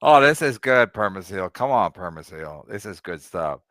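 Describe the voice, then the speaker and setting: Brash, animated man laughing at his own jokes. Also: deep voice, moderate pace, no echo, studio quality. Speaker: podcast host reacting to clips. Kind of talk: crude comedic rant.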